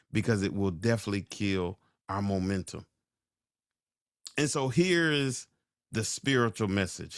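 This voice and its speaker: A man hosting a podcast, giving a sermon-like motivational talk, slowing down and repeating key lines for emphasis. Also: on the low side, no room sound, clean studio sound. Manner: slow, drawn-out emphasis. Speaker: podcast host.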